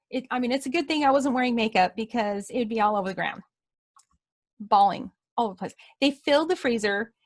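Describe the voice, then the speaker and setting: A woman telling a heartfelt personal testimony in a casual way, acting out what people said. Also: fairly high pitch. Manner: animated, acts out quoted voices, emotional retelling. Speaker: storyteller sharing a personal testimony.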